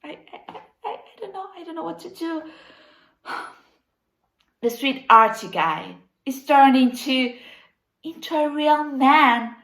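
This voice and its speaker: A woman playing a frantic, melodramatic young organizer, stammering in high-pitched despair. She talks slowly and drags out her lament. Her voice rings in an echoey room over a video call. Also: animated, a bit bright, full character voice. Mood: distraught. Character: distraught young woman organizer, overly dramatic. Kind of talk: comedic video-call sketch.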